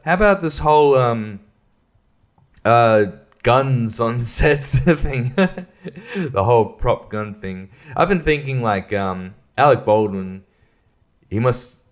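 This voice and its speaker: A man hosting a casual solo podcast, rambling and swearing freely, often breaking into laughter. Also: mid-range voice. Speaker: podcast host.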